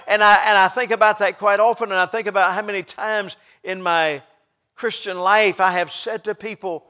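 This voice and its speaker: A middle-aged man delivers a sermon in a noticeably high voice. He preaches with passion, rising to loud outbursts and then dropping to hushed asides. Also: steady tone, normal speed.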